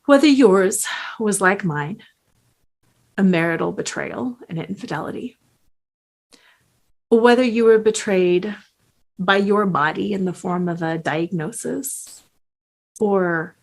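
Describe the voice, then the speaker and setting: A middle-aged woman coach giving a slow, earnest motivational talk with strong emphasis. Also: medium pitch.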